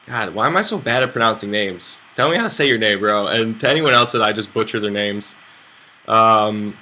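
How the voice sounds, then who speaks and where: A man's voice: lowish voice, sharp tone, slight background noise. A young American man streaming poker, chatting to viewers in a loose, rambling way and swearing freely. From United States. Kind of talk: casual live-stream chat to viewers.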